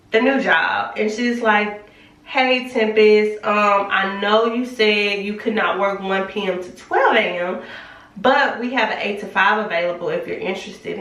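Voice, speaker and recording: A woman's voice: medium pitch, a bit bright. Young woman vlogging her testimony, chatty, lots of "like", a bit far from the mic, echoey. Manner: candid, emotional, chatty with many "like" fillers. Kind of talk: casual storytelling testimony. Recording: roomy echo, speaking from off the mic.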